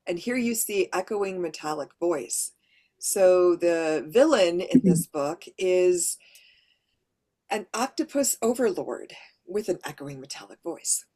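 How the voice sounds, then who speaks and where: A woman's voice: on the low side, dark tone. A woman who narrates audiobooks, giving a practical workshop presentation and explaining her points with examples. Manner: practical, explains with read-out examples, light laughs.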